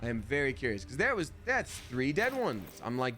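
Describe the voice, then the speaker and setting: A man's voice: mid-range voice, wildly swooping pitch, moderate pace, fairly bright tone. A man in his thirties chatting casually while playing a video game live, reading chat aloud and slipping into playful voices.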